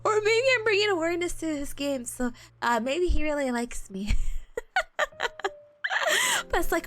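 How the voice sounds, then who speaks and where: A young woman streamer chats with her audience in a high voice that leaps all over the place. She rambles, laughs constantly and lets her feelings show, with soft music playing faintly underneath. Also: expressive, moderate pace, pauses often. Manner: laughs often, emotional and rambling. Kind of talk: casual chat with viewers.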